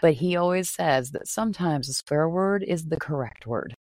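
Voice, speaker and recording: A woman hosting a casual chat, frank, expressive and playful. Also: low voice, normal speed, no echo. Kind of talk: casual conversation.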